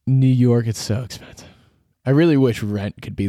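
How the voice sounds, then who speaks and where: A man's voice: medium pitch, moderate pace, mellow, dry recording, clean studio sound. A young man in his twenties, hosting a solo podcast from his bedroom office, rambling casually, swearing and mocking himself. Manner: rambling, self-mocking, swears a lot, restarts often. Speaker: podcast host.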